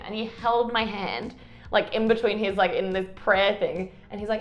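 A woman's voice: mid-range voice, fairly even intonation, moderate pace, lo-fi sound. A woman co-hosting a casual chat show. She tells stories with animation and acts out what other people said. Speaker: podcast co-host. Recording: echoey room, faint music.

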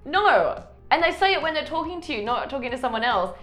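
Woman, fairly high voice, animated storytelling, casual podcast chat, echoey room. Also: a little fast. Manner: animated storytelling, acts out other people's lines. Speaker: podcast co-host. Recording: echoey room, faint music.

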